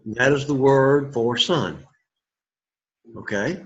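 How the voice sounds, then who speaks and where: A man's voice: medium pitch, animated, slow, pauses often, bright, forceful tone, slightly rough. A man teaching a Greek class, encouraging the students and repeating words for them to echo, in a dull lo-fi classroom recording. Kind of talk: classroom pronunciation drill.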